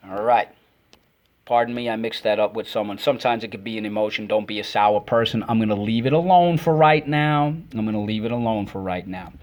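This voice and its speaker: Energetic man teaching phonics to kids. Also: fairly low pitch. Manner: energetic, repeats words for children to echo. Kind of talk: classroom phonics lesson.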